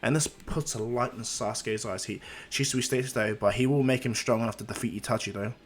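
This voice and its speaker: A man's voice: medium pitch, steady tone, brisk, husky. A man casually telling a fan-made story, rambling with fillers and restarts.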